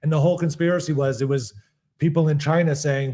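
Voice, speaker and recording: Slightly high-pitched yet warm and steady, this man talks fast with a New York accent. As co-host of a live comedy podcast, he chats in an easygoing, rambling way, loaded with fillers, in casual comedic conversation.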